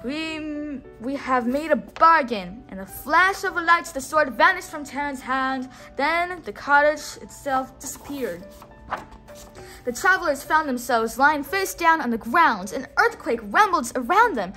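A woman narrating a read-along storybook, pausing so a listener can repeat words. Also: high-pitched, animated, bright, forceful tone, faint music behind. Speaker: storytime reader.

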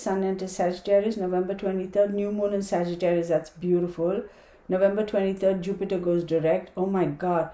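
A woman's voice: mid-range voice, mellow, reverberant. A woman giving a casual tarot and astrology talk, reading dates aloud and chatting with viewers. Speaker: tarot reader.

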